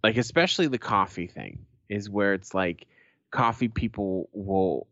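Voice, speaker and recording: A man's voice: lowish voice, a little slow, fairly bright tone, no room sound, dull audio. A man co-hosting a podcast in casual chat, blunt and sweary, ranting with a laugh. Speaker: podcast co-host.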